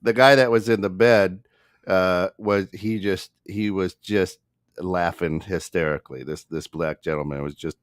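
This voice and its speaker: A man on a podcast telling a funny story in casual chat, halting with many restarts and laughing as he goes. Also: low-pitched, no echo, clean studio sound. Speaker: podcast guest.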